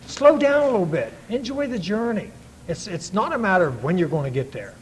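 A man's voice: high-pitched, very animated, a little fast, slight background noise, rough recording. A middle-aged man telling his own story to a recovery meeting, in an earnest, folksy way with many restarts. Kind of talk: personal testimony to an audience.

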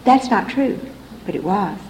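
A woman's voice: medium pitch, expressive, measured pace, darkish tone. A middle-aged woman giving earnest, repetitive personal testimony as a speaker at a recovery meeting in a hall. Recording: echoey room recording, faint background noise.

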